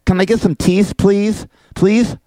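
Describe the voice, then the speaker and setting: A man's voice: high voice, fairly even intonation, unhurried, dark tone, dry recording, pitched above the performer's own voice. A man mocking a whining toothless supervisor. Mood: pleading. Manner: lisping, pleading.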